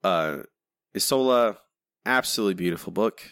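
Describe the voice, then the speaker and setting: A man co-hosting a podcast in casual chat, rambling and animated, jumping up in pitch when he mimics others. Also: normal speed, smooth, dry recording, studio quality. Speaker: podcast co-host.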